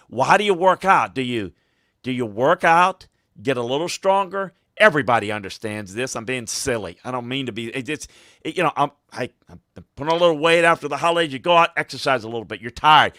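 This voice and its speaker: A man's voice: medium pitch, a little fast, sharp tone, no echo, studio quality. A man talking football as a coach on a podcast, emphatic and hammering points home by repeating phrases. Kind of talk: casual podcast talk.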